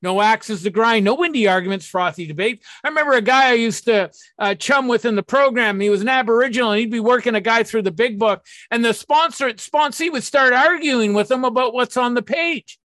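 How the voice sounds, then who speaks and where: A man's voice: very high-pitched, brisk, few pauses, a bit bright, no echo. A man giving a blunt, profane talk on recovery and sponsorship, acting out the people he quotes.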